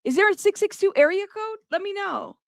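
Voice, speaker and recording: High-voiced woman host, animated live commentary, dry sound. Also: fairly quick, vocal fry, no echo. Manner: animated, talks to viewers directly. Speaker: livestream host.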